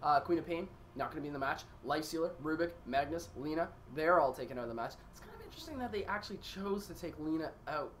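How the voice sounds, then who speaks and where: A Canadian caster talks through picks and bans in a chatty, rambling way, often restarting sentences. The voice is mid-pitched and sits over a clear bed of background noise. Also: very animated, fast talker, few pauses. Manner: chatty, rambling, self-correcting. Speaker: esports caster. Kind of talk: casual tournament casting.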